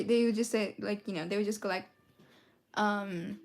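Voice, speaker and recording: A woman's voice: medium pitch, normal speed, gravelly, pushed and bright. A young woman chatting casually and playfully on a live stream while she colors, giggling often. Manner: playful and giggly, jumps between topics.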